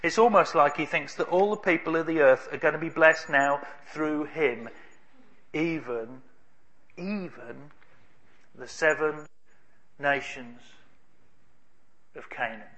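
A man preaching a sermon, telling a story in an emphatic way with dramatic pauses. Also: a little high, a bit bright.

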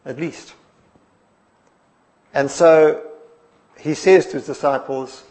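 A man with a high-pitched voice preaches a morning sermon. He retells the stories with lively expression, sinking to hushed lines and then climbing to emphatic ones. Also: a little slow, gravelly, pauses often. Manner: expressive storytelling, dropping soft then rising emphatic.

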